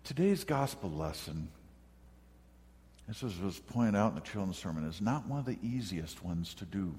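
A man serving as pastor, preaching a conversational sermon with reflective storytelling and gentle humor, from the northern United States. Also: deep voice, animated, normal speed. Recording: hall reverb.

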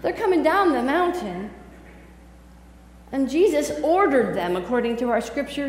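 A woman pastor preaching a sermon in a conversational, animated storytelling way. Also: sits high, normal speed, pauses often, roomy sound, long reverb tail, low-quality recording. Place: church sanctuary.

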